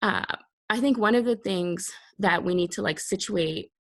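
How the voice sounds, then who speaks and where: A woman on a video call who asks a question, speaking haltingly as she searches for words. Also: medium pitch. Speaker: participant. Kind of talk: casual video call discussion.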